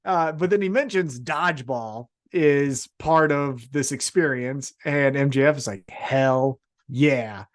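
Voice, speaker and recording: A man co-hosting a podcast, recapping wrestling in casual, profane, animated storytelling. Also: a little high, measured pace, hardly any pauses. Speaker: podcast co-host.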